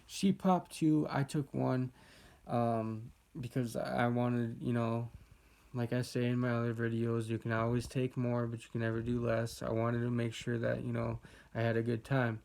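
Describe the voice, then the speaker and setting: A man's voice: mid-range voice, little pitch movement, moderate pace, vocal fry, darkish tone. A young man casually telling a personal story as a vlogger, laid-back and rambling with lots of fillers.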